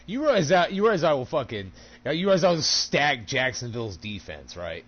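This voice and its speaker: A man chatting casually while gaming, animated and profane, laughing often. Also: mid-range voice, brisk, highs cut off.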